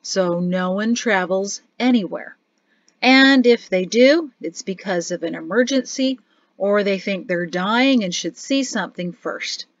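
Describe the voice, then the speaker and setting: A woman's voice: medium pitch, unhurried, dry recording, natural voice. A woman narrator voicing a weary, rueful father who talks in a sad, grumbling way, in a storybook reading. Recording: dry, slightly dull studio audio.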